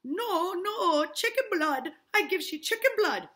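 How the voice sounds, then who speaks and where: A woman's voice: sits high, a little fast, a bit bright, voice pushed up. A woman reading aloud and voicing a frightened woman accused of witchcraft, who pleads her innocence in a broken dialect. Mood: pleading.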